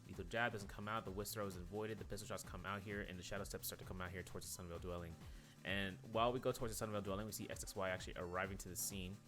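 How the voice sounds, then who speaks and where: Guy casting a game match, low-ish voice but bright and punchy, lots of "like" and "uh", faint music behind. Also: fairly even intonation. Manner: rambling, filler-heavy asides between quick calls. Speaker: esports commentator. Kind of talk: play-by-play game commentary.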